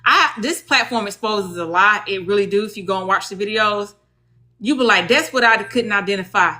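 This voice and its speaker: A woman's voice: mid-range voice, normal speed, pushed and bright. A woman with a Southern US accent hosting a casual livestream about legal advocacy, chatty and folksy, talking straight to her viewers.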